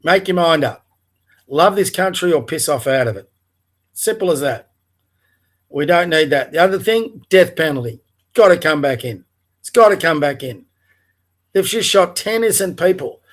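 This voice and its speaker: An Australian man with a fairly high voice delivers a furious rant on his livestream. He talks bluntly, swears often and fires off heated rhetorical questions. He sounds like he is speaking from home. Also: lively intonation, moderate pace, pauses often. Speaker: livestream host. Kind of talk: angry political rant. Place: home, in front of a TV.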